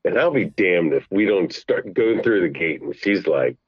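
A middle-aged man calls in as a podcast guest, his fairly low voice swinging up and down as he tells family stories with easy laughter. The phone line makes him sound dull and lo-fi, and the sound is dry. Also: moderate pace, slightly rough, dry recording. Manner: animated, laughing storyteller. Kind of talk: casual chat, telling family stories.

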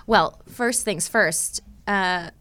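A woman's voice: medium pitch, extremely slow, fairly bright tone, smooth. A young woman hosting a podcast, chatting casually and giggling often with her guest. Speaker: podcast host. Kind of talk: casual interview chat.

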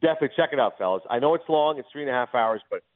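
A man calling into a sports radio show as a guest, chatting fast and animatedly about baseball and movies. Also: mid-range voice, no room sound. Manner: fast, animated, does impressions. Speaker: guest commentator. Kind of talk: casual sports radio chat. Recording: tinny phone-line sound.

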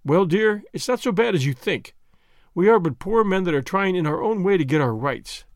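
A man's voice: high voice, lively intonation, moderate pace, no room sound, studio quality. A man voicing an ardent, secretive young man, speaking earnestly and coaxingly in an audiobook.

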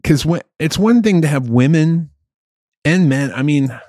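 A man co-hosting a casual podcast chat, talking in an animated, emphatic way. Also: on the high side, measured pace, no room sound, clean studio sound. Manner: animated, emphatic, gets loud when worked up. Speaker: podcast co-host.

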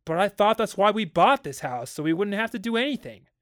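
An easygoing husband, as a man reads him aloud in a storybook reading. He talks calmly and soothingly, with light amusement. The voice sits slightly high and the sound is dry. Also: fairly quick, no room sound. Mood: teasing.

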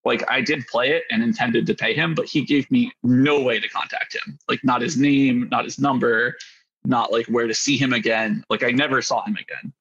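A man's voice: medium pitch, steady tone, moderate pace, fairly bright tone, slightly rough, lo-fi sound. A man casually telling a rambling story about poker hands, full of fillers and self-deprecating asides. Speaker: poker player guest.

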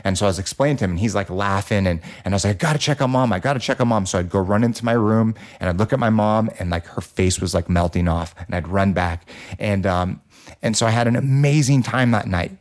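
A man's voice: fairly low pitch, brisk, darkish tone. A man hosting a casual podcast chat, telling a personal story in a loose, profane way full of fillers. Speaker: podcast host.

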